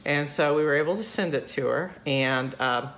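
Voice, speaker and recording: A woman's voice: sits low, moderate pace, a bit bright. An older woman hosting a casual chat, talkative, laughing often and acting out voices in her stories. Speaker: host.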